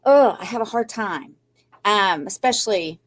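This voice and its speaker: An older woman talks straight to her viewers. She rambles and sounds anxious, her voice shaky and near tears, then turns defiantly upbeat. Her voice sits in a plain middle pitch. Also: animated, a little slow. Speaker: craft channel host. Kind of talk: emotional live chat to viewers.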